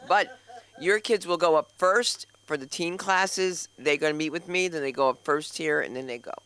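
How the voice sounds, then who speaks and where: A woman's voice: low voice, moderate pace, a bit bright, smooth, rough recording. A woman hosting a comedy open mic, rambling through loose, crude banter on stage. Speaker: comedy school host. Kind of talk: stand-up host banter.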